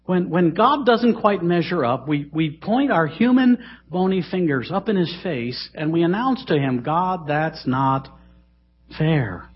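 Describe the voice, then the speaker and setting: A middle-aged man preaching a sermon in a church, dramatic, swinging between loud emphasis and hushed asides. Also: high-pitched, big pitch swings, normal speed, few pauses, breathy edge. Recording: dull, lo-fi sermon recording.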